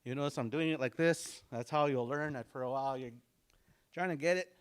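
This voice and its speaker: A man teaching a language class in a relaxed, casual way, saying words slowly and repeating them for learners. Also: mid-range voice, clean tone.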